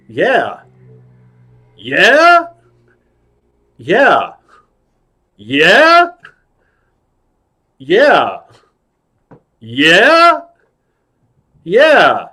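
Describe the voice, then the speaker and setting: A man doing a gruff, skeptical older movie star. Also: sits high, bright, forceful tone, pitched above the performer's own voice, exaggerated voice. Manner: rising questioning drawl, repeating itself.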